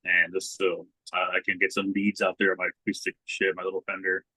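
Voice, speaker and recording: Male podcast co-host, husky, low-ish, relaxed storyteller who swears a lot; dry close mic. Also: fairly quick, dry recording, poor audio. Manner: laid-back, swears a lot, acts out quotes in a raised voice. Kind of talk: casual chat.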